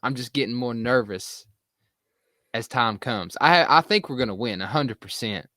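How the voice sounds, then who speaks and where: Male co-host, bright forceful tone, dry close mic, earnest and rambling. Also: medium pitch, moderate pace, no room sound. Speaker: podcast co-host. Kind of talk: casual sports chat.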